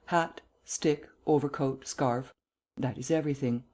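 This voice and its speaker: A narrator doing a mild young English gentleman. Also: mid-range voice, steady tone, a little slow, natural voice. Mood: musing. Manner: wry, musing, polite.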